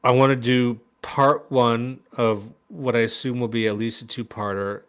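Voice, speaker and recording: A man's voice: mid-range voice, fairly even intonation, moderate pace, fairly bright tone, smooth. A man co-hosting a podcast in casual chat, rambling, swearing and laughing often. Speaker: podcast co-host.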